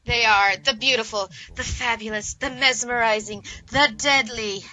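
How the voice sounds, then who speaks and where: A woman putting on the voice of a flamboyant showbiz robot star, grandly drawn-out and calling everyone darling, in a slideshow vlog. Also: a little high, fairly even intonation, pushed and bright, rough recording. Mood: grandly announcing. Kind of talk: playful impression in a slideshow vlog.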